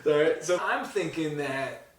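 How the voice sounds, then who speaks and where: Laid-back middle-aged dad co-host, fairly high voice, teasing, recorded in a roomy space away from the mic. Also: male voice, animated, measured pace, far from the mic, a crowd in the background. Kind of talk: casual sports chat.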